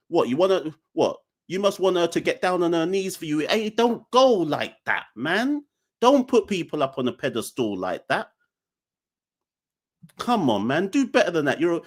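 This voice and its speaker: Animated, defiant male podcast host. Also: sits high. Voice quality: animated, defiant, joking ranting. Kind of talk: live call-in show chat.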